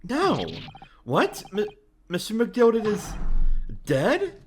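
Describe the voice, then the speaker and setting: A man's voice: fairly high pitch, wildly swooping pitch, normal speed, fairly bright tone, slight background noise, pitched above the performer's own voice. A man voicing a polite, earnest young lawyer who gets flustered and anxious. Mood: shocked.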